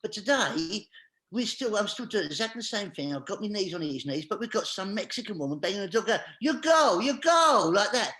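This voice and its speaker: A man's voice: sits high, lively intonation, fast talker, a bit bright. A man, a guest on a chat show, telling a comic anecdote and acting out each scene with animation.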